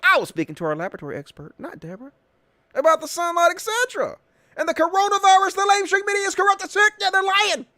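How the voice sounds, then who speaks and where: A man's voice: very high voice, lively intonation, quick pace, sharp tone, dry recording, studio quality, voice pushed up, heavily acted. A man mocking a blustering male president who rants indignantly at the press. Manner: indignant and boastful.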